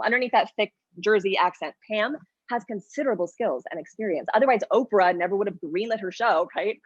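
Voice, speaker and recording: A woman's voice: mid-range voice, husky, no echo, dull audio. A woman performing a solo stage monologue as an adoptee, hesitant and stammering, with a wry edge.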